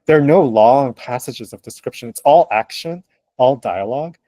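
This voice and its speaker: A man who translates books, chatting as a guest in an interview, animated and laughing often with lots of fillers. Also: mid-range voice, normal speed, no room sound. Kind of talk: casual interview conversation.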